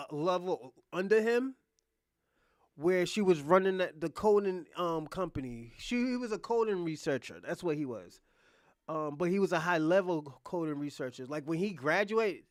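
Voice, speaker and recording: High-voiced man rambling through a plot recap. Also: dry recording, studio quality. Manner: rambling, profane, lots of "yo" and restarts, acting out quoted lines. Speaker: podcast host. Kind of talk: casual retelling of a drama plot.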